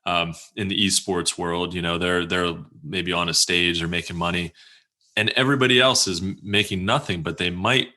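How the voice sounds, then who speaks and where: A very deep-voiced man co-hosts a podcast and asks his questions in a loose, rambling, conversational way. Despite the low pitch, his tone has a bright, forceful edge. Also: steady tone, moderate pace. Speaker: podcast co-host. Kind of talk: casual interview chat.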